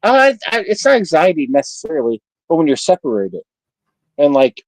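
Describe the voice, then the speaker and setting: Loud, swearing man on a dry mic. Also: on the high side, big pitch swings, a little fast, no room sound, rough recording. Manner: boisterous, profane, bragging. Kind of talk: casual livestream chat.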